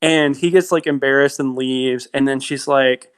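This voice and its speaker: A man's voice: medium pitch, normal speed, few pauses, smooth. A man co-hosting a podcast, casually talking through movie scenes with lots of fillers and laughs. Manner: animated retelling of scenes, frequent likes and laughs. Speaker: podcast co-host. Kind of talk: casual film discussion.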